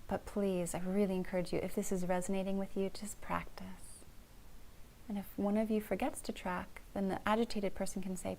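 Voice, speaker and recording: A middle-aged woman therapist calmly teaching a couples communication skill, gentle and encouraging, often dropping to a soft whisper. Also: mid-range voice, fairly quick, a little hiss or hum. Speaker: family therapist.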